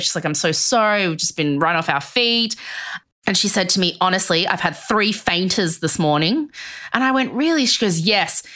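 A woman's voice: medium pitch, sharp tone. A woman hosting a podcast who reads a personal essay aloud, breaks into chatty asides, laughs often and acts out other people's voices. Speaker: podcast host.

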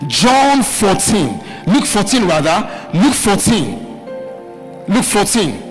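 A male pastor preaching a live midweek sermon, calling out questions for the congregation to answer and shouting key words. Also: high-pitched, huge pitch swings, takes it slowly. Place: church hall with live congregation. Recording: live hall recording, reverb, faint music.

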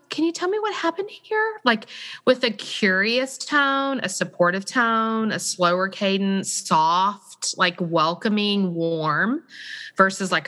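A woman hosting a conversational podcast interview, chatty and animated, acting out example voices as she talks. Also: mid-range voice. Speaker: podcast host.

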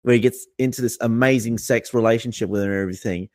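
A man co-hosting a casual chat, relaxed and laughing along. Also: mid-range voice, quick pace, no echo, studio quality.

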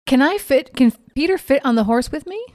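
A woman playing a tabletop role-playing game, animated and laughing often as she slips into character. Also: high voice, a little fast, no echo, studio quality. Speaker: player.

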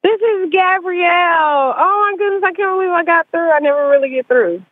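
A young woman calling in to a radio show, speaking softly and holding back tears. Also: extremely high pitch, moderate pace, dry recording. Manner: fighting back tears, soft. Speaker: caller. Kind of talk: phone call to radio show. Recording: tinny phone line.

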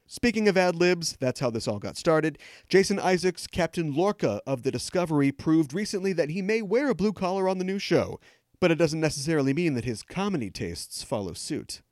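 A man's voice: a little high, sing-song, brisk, a little mellow, dry recording. A man hosting a podcast, delivering scripted news commentary with sarcastic, joking asides into a close studio mic. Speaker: podcast host.

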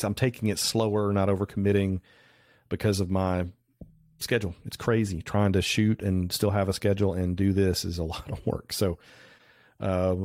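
A middle-aged man with a lowish voice chats as a podcast guest. He rambles through animated stories, restarting his sentences. The recording is dry, with no room sound. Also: no echo. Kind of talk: casual interview storytelling. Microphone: remote call recording.

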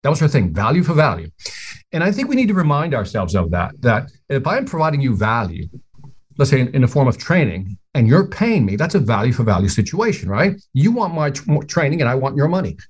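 A man holds forth as a podcast guest. His voice is a bit husky, and his pitch swings widely as he makes his points. He talks in emphatic, opinionated bursts and laughs easily. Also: very animated, brisk. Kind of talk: casual interview chat.

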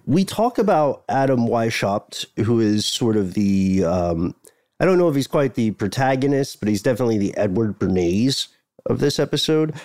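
Male podcast host, mid-pitched, loose and self-correcting, dry booth sound. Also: sing-song, normal speed, a little mellow, no room sound. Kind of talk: casual podcast chat.

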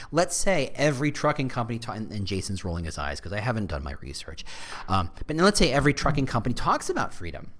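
A man explaining marketing and employer branding in an animated, conversational way, with quick self-corrections and asides. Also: mid-range voice. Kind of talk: casual explanatory talk.

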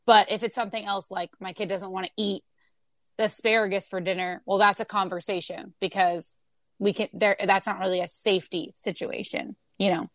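A woman's voice: medium pitch, steady tone, moderate pace, no room sound, studio quality. A woman guest in a casual interview, explaining her parenting views thoughtfully with everyday examples. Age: adult parent.

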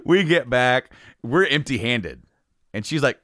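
A man's voice: mid-range voice, expressive, a little slow, a bit bright, dry recording, studio quality. A man telling a casual, rambling story, laughing often and swearing freely.

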